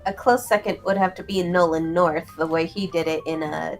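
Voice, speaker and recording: A woman in casual livestream chat, calm and informative. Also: fairly low pitch, normal speed, soft background music.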